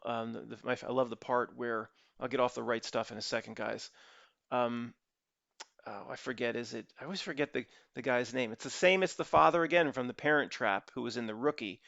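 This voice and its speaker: A man's voice: medium pitch, creaky, fairly bright tone, no echo. A man hosting his own channel, talking in a rambling solo monologue full of restarts and asides to his viewers. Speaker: channel host. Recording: dull lo-fi dry recording.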